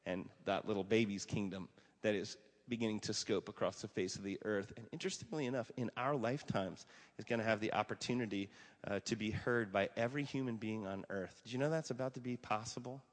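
A man's voice: on the low side, fairly quick. Chatty man preaching in a reverberant hall. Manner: animated, conversational, many fillers, acts out quotes. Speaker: pastor. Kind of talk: casual sermon talk with storytelling.

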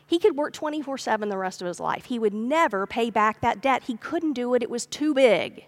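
Pastor, female, slightly high voice, folksy storyteller in the pulpit. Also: lively intonation, a little fast, few pauses. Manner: storytelling, acts out the characters' pleas with a raised voice; conversational, folksy asides. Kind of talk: sermon. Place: church sanctuary.

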